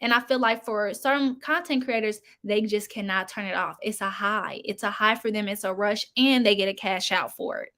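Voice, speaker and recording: A woman's voice: mid-range voice, moderate pace, hardly any pauses, a bit bright. Chatty young woman YouTuber. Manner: chatty, frank, speaks straight to her viewers. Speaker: commentary YouTuber. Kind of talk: casual commentary chat.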